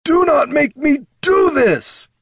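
A man's voice: on the high side, expressive, slow pace, gravelly, fairly bright tone, husky, no echo, clean studio sound, pitched above the performer's own voice, full character voice. A man voicing a huge male orc chieftain who bellows and chokes with raw emotion. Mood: bellowing. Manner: bellowing, voice cracking into sobs.

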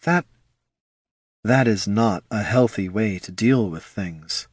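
A man voicing a blunt, fiery young sorceress, speaking slowly and dryly with little change to his own voice. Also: on the low side, husky, dry recording, clean studio sound.

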